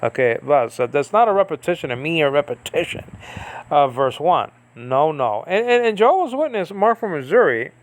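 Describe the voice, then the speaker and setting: A man's voice: fairly high pitch, sing-song, normal speed. A man giving a casual, rambling Bible study lesson, thinking aloud with many fillers and asides. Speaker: Bible teacher.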